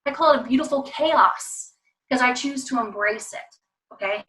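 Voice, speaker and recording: Woman parenting coach on a video call, bright, slightly higher voice, punchy and repetitive delivery, a little far from the mic. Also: moderate pace. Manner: emphatic, repetitive, addresses parents directly. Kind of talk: online parenting talk with slides.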